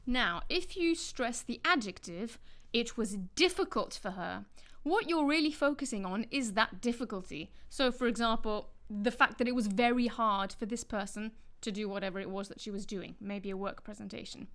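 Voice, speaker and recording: A woman teaching English pronunciation in a scripted lesson, stressing words deliberately to demonstrate. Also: on the high side, fairly bright tone.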